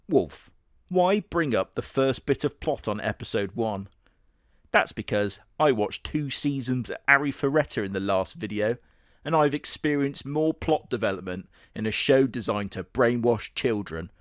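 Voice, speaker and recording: A man gives comedic reaction commentary, sarcastic and profane, with deadpan asides. His voice sits at a middle pitch. The recording is dry and close. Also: normal speed, no echo. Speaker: reaction video host.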